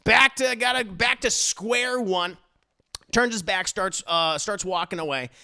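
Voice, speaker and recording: A man tells his live chat about an episode scene by scene, cursing and laughing as he goes. His voice is high and bright and swings widely in pitch. A gravelly rasp runs through it. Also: measured pace. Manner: animated, profane, laughing storytelling. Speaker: TV reviewer streamer.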